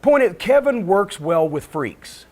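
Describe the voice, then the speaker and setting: Podcast guest: a man with a higher-pitched voice, emphatic and profane, ranting through his stories. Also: sing-song, measured pace, darkish tone. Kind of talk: storytelling podcast chat.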